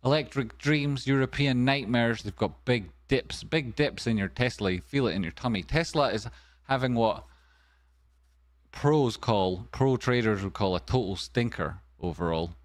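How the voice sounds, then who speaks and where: A man's voice: mid-range voice, measured pace. A man hosting a stock stream, giving a comedic market news rundown with wry, jokey asides. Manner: wry, jokey asides, sudden softer murmurs.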